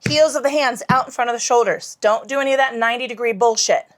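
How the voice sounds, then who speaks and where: A woman's voice: on the high side, quick pace. A woman leading a casual yoga class, calling out poses and breath cues between profane rants, sometimes dropping to a whisper on a cue. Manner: profane, ranting, cues moves between tangents; cues some moves in a whisper. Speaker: yoga instructor.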